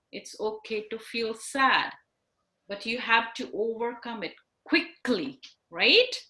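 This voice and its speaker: A woman with a high, bright voice teaches young children in an online class over a video call. She speaks slowly and encourages them with simple words and frequent tag questions. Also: poor audio.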